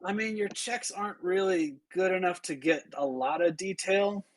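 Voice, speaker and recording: A man's voice: high voice, normal speed, rough recording. A man narrating as game master, in a casual way with many fillers.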